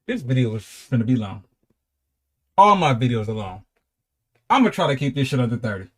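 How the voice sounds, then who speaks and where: A man hosting a casual reaction video, talking in an animated, profane way and laughing often. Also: mid-range voice, brisk. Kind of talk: casual reaction commentary and storytelling.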